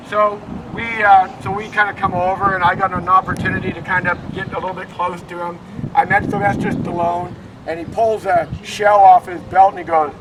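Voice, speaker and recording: A man's voice: high voice, flat delivery, brisk. Man, tour guide, middle-aged, rambling anecdotes, distant outdoor mic, faint street noise. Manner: anecdotal, rambling with frequent fillers and restarts. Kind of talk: walking tour narration.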